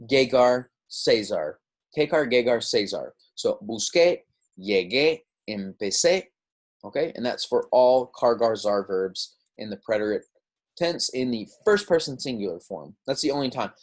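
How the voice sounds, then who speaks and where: A man with a slightly husky voice gives a recorded lesson to his class. He explains each point patiently and step by step, and keeps checking that the students follow along. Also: medium pitch. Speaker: Spanish teacher.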